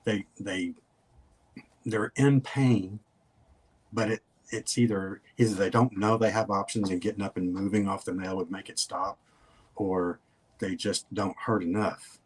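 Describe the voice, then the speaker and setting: A man's voice: lowish voice, fairly even intonation, a little slow, breathy edge. An older man, a guest in a casual interview, telling stories in a folksy, rambling way.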